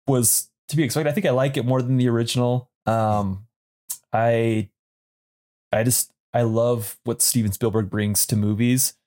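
A man's voice: lowish voice, a little mellow. A man in his thirties on a casual movie podcast, thoughtful and hesitant with many ums and restarts. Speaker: podcast co-host.

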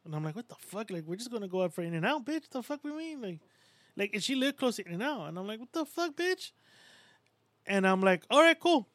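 A Puerto Rican man in his thirties co-hosts a podcast, and his voice sits high, bright and very animated, with a fast delivery and no echo. In casual chat he tells crude, profane stories packed with swearing and imitates people's voices when quoting them.

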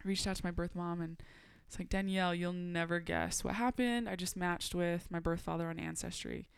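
Smooth, slightly gravelly woman telling her story. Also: fairly low pitch, normal speed, dry recording, studio quality. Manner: animated, laughs often, acts out quoted dialogue. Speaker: podcast guest. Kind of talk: casual storytelling interview.

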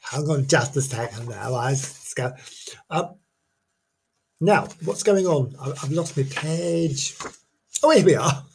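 A man's voice: a little high, takes it slowly, creaky, long pauses, darkish tone, slight background noise. A man hosting a ghost-story podcast in a chatty, self-mocking way, often stumbling over and repeating his words. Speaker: podcast host.

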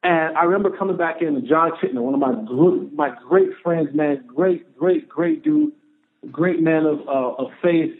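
A man, a former football player, telling a story as a podcast guest, animated and repeating phrases for emphasis. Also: fairly high pitch, moderate pace. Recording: tinny phone-line audio.

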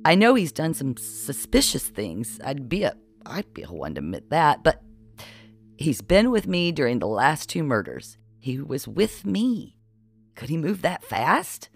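A man's voice: fairly high pitch, huge pitch swings, unhurried, gravelly, voice pushed up, full character voice. Gloria, a man voicing a tipsy pleading woman. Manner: hesitant, defensive. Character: tipsy, pleading middle-aged woman in love. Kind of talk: audiobook character voice.

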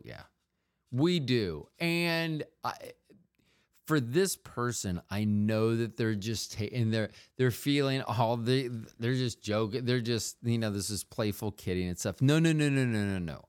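A man with a fairly low voice hosts a podcast on his own from home. He rambles in a jokey way, often breaking off and restarting his sentences. The sound is dry and close, with no room in it. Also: no room sound. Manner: rambling, self-interrupting, jokey. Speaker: podcast host. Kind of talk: casual comedic monologue.

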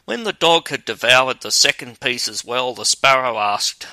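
A man narrating a fairy tale in a steady, measured storytelling manner. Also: mid-range voice, dry recording, rough recording.

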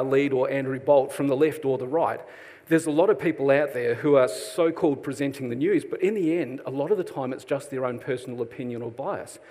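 Middle-aged Australian man, relaxed self-deprecating sermon delivery, long reverb of a church hall. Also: mid-range voice. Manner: chatty, self-deprecating, jokes with the congregation. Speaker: preacher.

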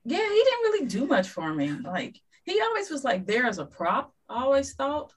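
A woman's voice: high voice, moderate pace, rough recording. A woman guest in a casual podcast chat, telling stories and acting out dialogue. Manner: lively storyteller who acts out dialogue.

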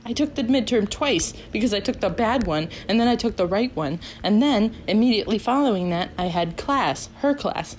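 A woman in her twenties casually telling a story on a podcast, animated, laughing often and acting out what people said. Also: medium pitch, moderate pace, few pauses, a little hiss or hum, rough recording. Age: 20s.

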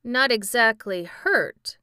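A woman voicing a gentle, agreeable male sawhorse who speaks mildly in a storybook reading. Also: on the high side, slow, clean tone, dry recording, studio quality.

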